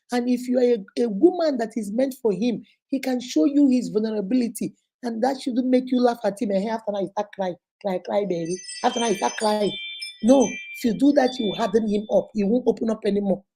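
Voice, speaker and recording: A middle-aged woman hosts a chatty live stream, greeting viewers by name. Her voice is a bit high yet mellow and soft-edged. She lectures with animated conviction. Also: low-quality recording. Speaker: host and counselor.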